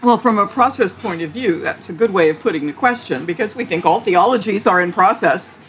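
A woman theologian answering interview questions in a thoughtful, halting way, with frequent restarts and light laughter. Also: medium pitch, expressive, slight background noise. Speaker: theologian guest.

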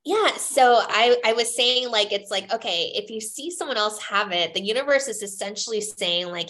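A woman's voice: on the high side, normal speed, few pauses, a bit bright. A woman talking on a podcast in a casual, flowing way. She speaks with lots of fillers and acts out her own inner voices with animation. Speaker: guest.

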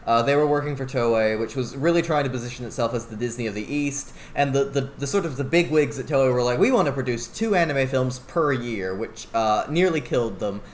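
A podcast co-host talks eagerly in a casual discussion, rambling with many fillers and restarts. His medium-pitched voice is a little fast with few pauses, and there is slight background noise.

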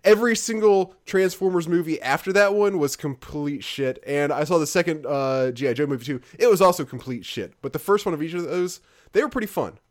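A man's voice: on the high side, brisk. A man co-hosting a podcast in casual chat, rambling, restarting his sentences and reading out listener emails. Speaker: podcast co-host.

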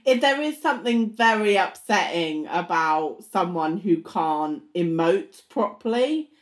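A woman's voice: on the low side, animated, a little slow. A woman co-host chiming in with brief reactions in a casual chat.

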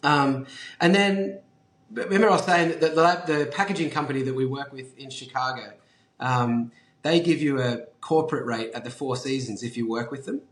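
Animated Australian man, echoey room. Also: mid-range voice, moderate pace. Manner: animated, swears freely, heavy use of "like" and "um". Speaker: guest, brand founder. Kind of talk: casual storytelling chat.

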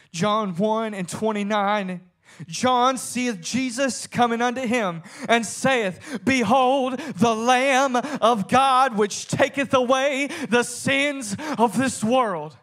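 A man with a notably high voice delivers a dramatic sermon. He reads scripture in old-fashioned wording and retells the scene with rising intensity, dropping low and then shouting at the peaks. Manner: dramatic, swings between soft storytelling and shouted climaxes; reads scripture aloud in King James wording. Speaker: preacher.

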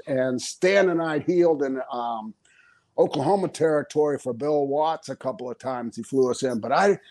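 A man's voice: a little high, a little mellow. An older man, a former pro wrestler, telling stories in a casual interview. He talks animatedly, laughs often and acts out the things people said.

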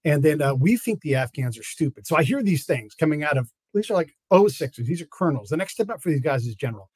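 A man with a fairly high, husky voice talks fast as a guest on an interview show, recorded with no room sound. A former intelligence officer, he casually tells animated stories about his work in Afghanistan, acting out what people said.

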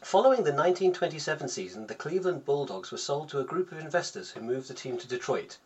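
A man hosts a relaxed podcast quiz with a slightly raised voice. He reads each item, trips over his words with frequent ums, and breaks into laughter easily. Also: on the high side, quick pace, a little hiss or hum. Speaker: podcast host running a quiz. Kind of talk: casual podcast chat.

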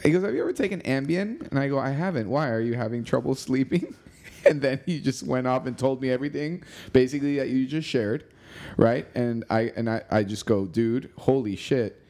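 A man's voice: mid-range voice, moderate pace, dark tone. A man chatting casually as host, easygoing, swearing now and then and often saying "you know.". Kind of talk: casual chat.

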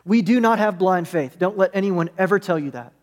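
A high-voiced male pastor preaches earnestly, stacking his points in repeated parallel phrases. His voice carries a long reverb through a large sanctuary. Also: animated, fairly quick, darkish tone. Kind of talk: sermon.

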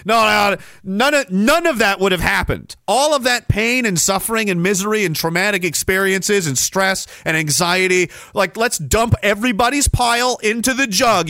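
Sarcastic high-voiced man ranting. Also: lively intonation, normal speed, bright, forceful tone, no echo, clean studio sound. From Canada. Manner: angry, sarcastic, mocking imitations. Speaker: podcast host. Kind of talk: ranting solo commentary.

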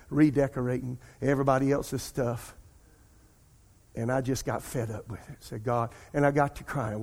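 Husky pastor preaching. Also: male voice, medium pitch. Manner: animated storytelling, addresses congregation as "y'all". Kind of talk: sermon with personal story.

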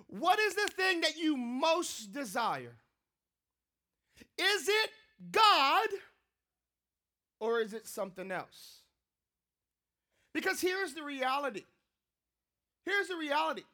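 A man preaching a sermon, telling a funny personal story in an animated, joking way. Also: very high-pitched. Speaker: pastor.

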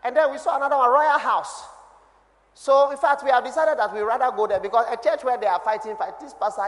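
A man with a Ghanaian accent preaching a sermon as a pastor, his voice dropping low and then swelling loud. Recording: long hall reverb.

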